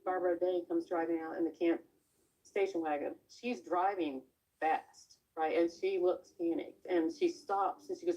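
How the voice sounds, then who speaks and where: A woman in a documentary interview, a former camper, tells a story in an animated way. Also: fairly low pitch, moderate pace, low-quality recording.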